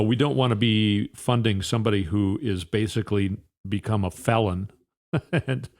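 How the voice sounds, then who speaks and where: A man hosting a podcast, giving a rambling, opinionated political commentary with frequent fillers. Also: lowish voice. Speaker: podcast host.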